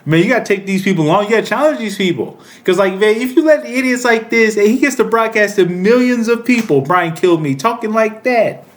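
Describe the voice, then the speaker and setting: A man's voice: high-pitched, animated, brisk, hardly any pauses. A man in his thirties giving heated political commentary, profane, rambling and indignant. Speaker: political commentary channel host.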